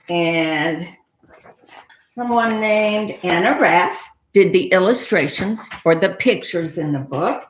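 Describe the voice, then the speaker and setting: A woman librarian reading a picture book aloud to young children, animated and explaining things simply. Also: on the low side, slight background noise. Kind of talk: children's storytime read-aloud.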